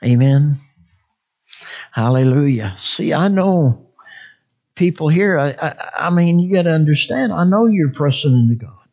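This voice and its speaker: A man's voice: fairly high pitch, animated, measured pace, a little mellow, muffled recording. A man preaching a conversational sermon, rambling and folksy, often asking the congregation for an amen.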